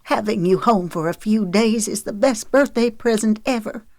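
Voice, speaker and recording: A woman's voice: medium pitch, normal speed, darkish tone, no room sound, pitched above the performer's own voice, natural voice. Woman doing tearful mother, tender, emotional, dry close sound. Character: Bertie, tearful loving mother on her birthday.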